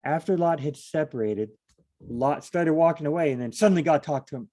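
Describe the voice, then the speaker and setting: Man, mellow voice, casual Bible study talk, rambling, self-deprecating. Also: a little high, a little fast.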